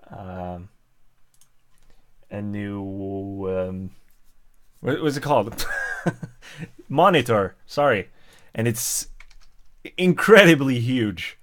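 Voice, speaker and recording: A man's voice: fairly low pitch, a bit bright. A man with a Swedish accent chatting casually with viewers on a livestream, hesitant, with many fillers and restarts. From Sweden. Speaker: livestream host. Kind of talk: casual live-stream chat.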